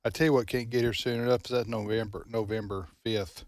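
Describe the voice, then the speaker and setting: A man's voice: medium pitch, fairly even intonation, quick pace, no room sound, clean studio sound. A man hosting a talk radio show, rambling with restarts and wry asides. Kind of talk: casual talk radio banter.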